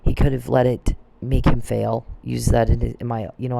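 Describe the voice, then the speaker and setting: A man's voice: medium pitch, little pitch movement, moderate pace, creaky, hardly any pauses, mellow. A man delivering a profane, confrontational rant that speaks straight at the people he blames, often repeating and restarting phrases. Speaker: vlogger. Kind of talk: angry ranting monologue.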